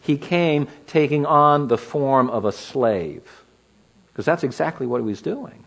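A man's voice: medium pitch, lively intonation, measured pace, gravelly, fairly bright tone. A man preaching an expository sermon, teaching verse by verse and asking the listeners rhetorical questions.

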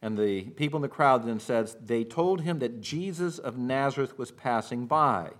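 Pastor giving a sermon, mid-pitched man, explains verse by verse and acts out quotes. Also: animated, normal speed. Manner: expository preaching, acts out shouted quotes.

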